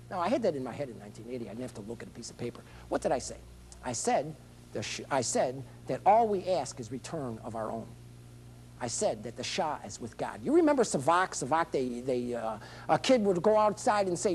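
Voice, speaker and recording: A man's voice: on the high side, expressive, a little fast, darkish tone, slightly rough. A middle-aged man giving a rambling, theatrical speech as a political candidate, dropping into phrases of other languages. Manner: rambling, theatrical, jumps between topics; breaks into foreign phrases. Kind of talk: public-access TV speech.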